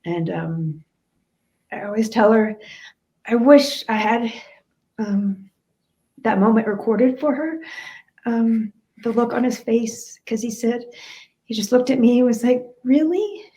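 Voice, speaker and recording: A woman's voice: on the high side, steady tone, a little slow, long pauses, mellow. A woman guest in an interview, candidly and reflectively telling her family story.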